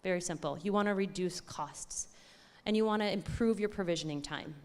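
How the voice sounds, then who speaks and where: A woman giving an excited, chatty conference talk, often correcting herself as she goes. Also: on the low side, fairly quick. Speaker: conference speaker.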